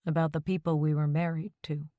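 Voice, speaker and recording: Woman narrating as a steady, plain-spoken widower, low-pitched, calm and terse, firm under pressure, in a dry close recording. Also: brisk, no echo, highs cut off, natural voice. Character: quiet, steady widowed man, stubborn when pushed.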